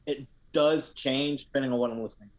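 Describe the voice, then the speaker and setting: A man who streams games, chatting casually as co-host in a relaxed, joking way. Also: medium pitch, brisk. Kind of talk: casual chat. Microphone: home streaming setup.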